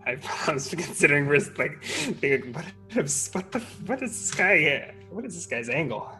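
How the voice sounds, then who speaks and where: Male player in character, stammers, bright voice, faint music. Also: on the high side, very animated, normal speed. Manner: hesitant, stammering, laughs often. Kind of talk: playing a character in a tabletop game.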